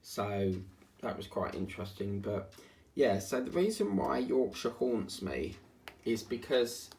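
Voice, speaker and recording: A man's voice: lowish voice, very animated, a little slow, gravelly, a little mellow. Rambling man chatting while crafting. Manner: rambling, chatty, grumbling asides. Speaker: diamond painting vlogger. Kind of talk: casual chat while crafting. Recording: distant mic, faint background hiss.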